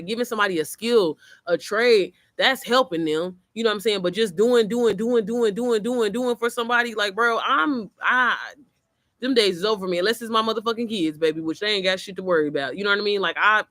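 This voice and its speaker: A woman chatting casually to camera on her computer, animated and quick to laugh, swearing freely as she tells stories. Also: medium pitch, no room sound, studio quality. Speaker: vlogger. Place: outdoors, then inside. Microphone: computer mic.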